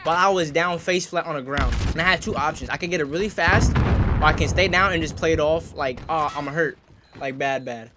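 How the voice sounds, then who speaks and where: Over the sound of gunfire from a shooter game, a young gaming video creator tells an embarrassing story in a casual, fairly quick way. His voice sits on the high side, and his speech is animated slang peppered with "bro." There's heavy background noise.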